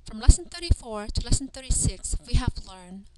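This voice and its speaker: This teacher speaks at a fairly high pitch with an animated delivery, deliberately pronouncing letters and words one by one for her students. The instructional pace is slow, and the rough recording carries noticeable background noise.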